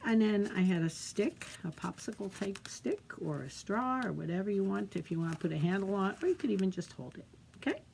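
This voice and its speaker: A woman leading a children's storytime as librarian, gently explaining a craft and reading a picture book aloud. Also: medium pitch, expressive, brisk, vocal fry, slight background noise. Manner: gentle, encouraging, talks to kids.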